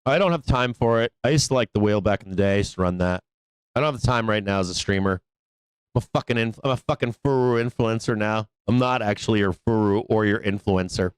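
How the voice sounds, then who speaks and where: Profane, laid-back trading stream host. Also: male voice, fairly low pitch, fast, clean tone, dry recording. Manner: profane, casual, laughs often, talks to himself as viewers. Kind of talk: live market commentary stream.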